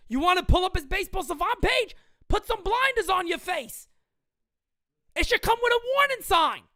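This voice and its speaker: A woman's voice: very high voice, sharp tone, no echo, clean studio sound. A woman in her thirties hosting a sports livestream, ranting heatedly with profanity and repeating her points for emphasis. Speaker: livestream host. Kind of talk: sports fan rant on a livestream.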